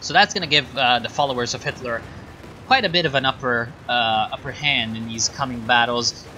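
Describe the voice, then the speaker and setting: A man's voice: mid-range voice, a little fast, sharp tone, slight background noise. A man casting a strategy game replay in a sarcastic, rambling way, full of fillers and asides. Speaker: game caster. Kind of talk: casual game commentary.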